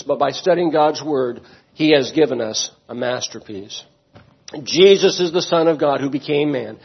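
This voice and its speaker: Guy preaching in church, kinda high voice, keeps quizzing the congregation, muffled old recording. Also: husky. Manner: emphatic preaching, asks the congregation questions. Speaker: pastor. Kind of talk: sermon.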